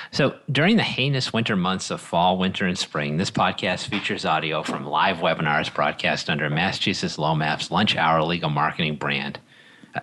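A man's voice: deep voice, bright, forceful tone, poor audio. A man hosting a podcast, opening with a scripted, joke-filled intro and then interviewing a guest in a wry manner. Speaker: podcast host.

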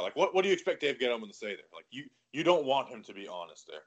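A man co-hosting a podcast in casual sports chat, animated and talking in quick bursts full of "like". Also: medium pitch, highs cut off. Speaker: podcast co-host.

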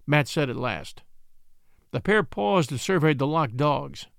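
A man narrating an adventure story aloud in an expressive, dramatic reading. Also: fairly high pitch, a little slow, gravelly, clear, resonant tone, dry recording, studio quality. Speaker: audiobook narrator.

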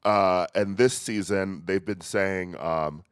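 A man hosting a podcast in casual chat, playful and quick to laugh as he steers the topics. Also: low-pitched, fairly even intonation, smooth, no echo, clean studio sound. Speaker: podcast host.

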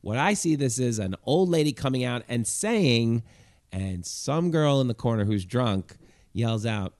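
Man, gravelly voice, comedian telling a story, acts out characters, dry close mic. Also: mid-range voice, normal speed, dry recording. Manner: animated, acts out the people in his story. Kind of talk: podcast storytelling.

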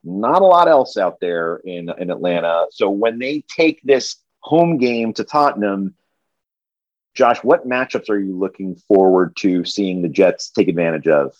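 A man's voice: low voice, animated, unhurried, a little mellow. A man hosting a casual sports podcast, jokey and steering the chat from topic to topic. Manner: jokey, drives the talk and sets up bits. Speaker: podcast host. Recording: slightly dull lo-fi sound.

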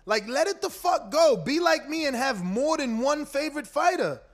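A man's voice: very high voice, animated, moderate pace. A man hosting a boxing livestream, talking loosely and emphatically, swearing often and rambling. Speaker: boxing podcast host. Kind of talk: casual livestream chat.

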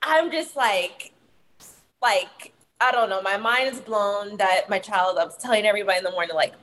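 A woman co-hosting a podcast, telling a story in an animated way and laughing often. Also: medium pitch, normal speed, a little hiss or hum, poor audio. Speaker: podcast co-host. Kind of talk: casual chat.

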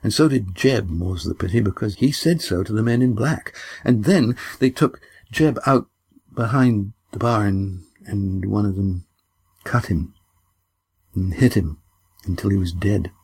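A man's voice: on the low side, unhurried, vocal fry, darkish tone, breathy edge, full character voice. A man voicing a hard, wary village widow who speaks bluntly and keeps her guard up.

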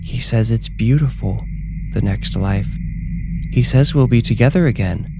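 A man's voice: medium pitch, a little slow, gravelly, voice pushed up. An eager, grieving young widow, as a man narrator puts her on, talking in a breathless, pleading rush. Music plays behind her.

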